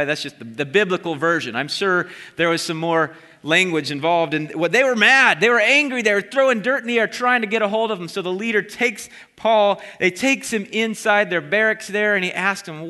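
A man preaching a sermon, retelling a Bible story in a lively storytelling way and briefly acting out the voices of the crowd. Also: high voice, fairly quick, few pauses. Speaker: pastor. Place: church sanctuary. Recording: long hall reverb.

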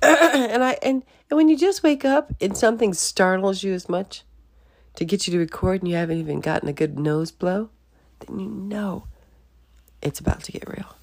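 Groggy, gravelly-voiced woman podcast host. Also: medium pitch, normal speed. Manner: rambling, laughs often. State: groggy morning voice. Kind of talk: casual monologue.

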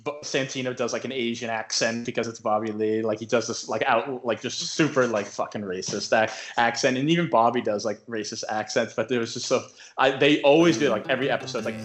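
A man's voice: medium pitch, fairly even intonation, fairly quick, few pauses, soft background music. A man co-hosting a podcast, telling a long story in casual chat, full of filler words and acted-out quotes. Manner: rambling, heavy filler words, retells stories with acted-out quotes. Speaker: podcast co-host.

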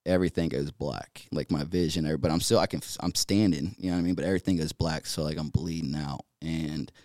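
A young man from North Carolina, a podcast guest, retelling events in a rapid, filler-heavy way with many restarts. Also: a bass voice, darkish tone, dry recording, studio quality. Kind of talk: casual storytelling in an interview.

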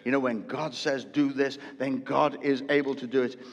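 A man preaching a live sermon as pastor, telling Bible stories with animated, acted-out asides. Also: medium pitch, fairly quick, vocal fry. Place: church hall. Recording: long church reverb.

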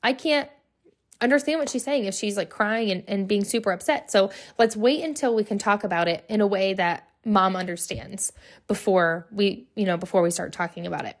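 A young woman talks through her solo podcast in a loose, chatty way. Her pitch sits in the ordinary middle for a woman, and she keeps checking in with "right?" as she goes. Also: moderate pace. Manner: chatty, lots of "right?" and "like" fillers. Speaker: podcast host. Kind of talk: casual solo podcast talk.

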